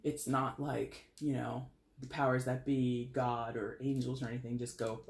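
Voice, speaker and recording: A man giving a casual tarot reading, chatty and animated, swearing now and then. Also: mid-range voice, moderate pace, echoey room. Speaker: tarot reader.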